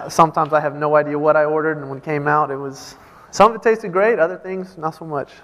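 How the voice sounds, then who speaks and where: A young man from Texas with a Southern American accent, a guest answering interview questions in a friendly, relaxed way. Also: fairly high pitch, fairly quick. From Houston, Texas. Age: young adult. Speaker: guest basketball player. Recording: long hall reverb.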